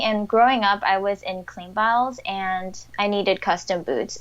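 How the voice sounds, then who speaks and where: A woman's voice: mid-range voice, fairly bright tone, muffled recording. A young woman answering interview questions in a chatty, upbeat way, with fillers and light laughter. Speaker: interviewed athlete.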